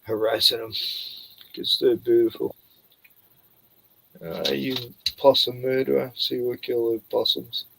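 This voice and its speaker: A man's voice: medium pitch, little pitch movement, unhurried, creaky, pauses often, a bit bright, slight background noise. A man chatting casually on a home stream, crude and joking, swearing freely. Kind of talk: casual chat. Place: home at night, door open to yard.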